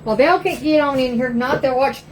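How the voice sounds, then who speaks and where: An older woman from East Texas hosts a live cooking stream from her home kitchen, in a chatty, folksy Southern drawl. Her voice sits a little high, and a steady noise runs behind her. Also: normal speed. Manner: chatty and folksy, says y'all a lot. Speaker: cooking livestream host. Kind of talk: casual live cooking chat.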